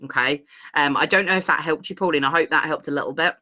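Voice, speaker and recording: A woman's voice: low-pitched, fast talker, bright, forceful tone. Enthusiastic woman, muffled call. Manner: enthusiastic, rambling, laughs often. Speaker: workshop facilitator. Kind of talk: online workshop Q&A.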